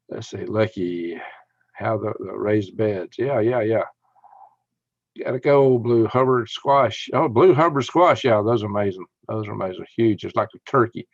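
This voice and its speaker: A man with a Southern US accent and a fairly low voice hosts a casual livestream, reading viewer comments at a moderate pace. He rambles in a folksy way and chuckles often. The audio has no echo, and the highs are cut off.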